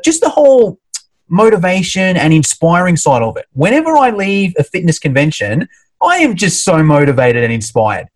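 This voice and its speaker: A man from Australia who works in fitness, chatting in an upbeat way about conventions. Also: a little high. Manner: upbeat, expressive, shares tips. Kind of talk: casual conversation.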